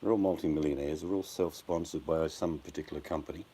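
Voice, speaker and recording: Extremely low and husky yet warm, this older Australian man's voice moves fast with fairly even intonation. He banters bluntly on a live stream, joking around and naming his viewers, while faint background noise sits underneath.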